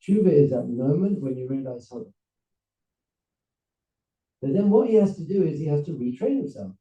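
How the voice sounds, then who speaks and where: A man with a somewhat high but very dark, mellow voice lectures to a seminar crowd, telling a story with lively acted-out voices. He sounds some distance from the mic, in a roomy, echoing hall. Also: normal speed, highs cut off. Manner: animated, acts out characters with voices and laughs. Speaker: rabbi giving a seminar talk.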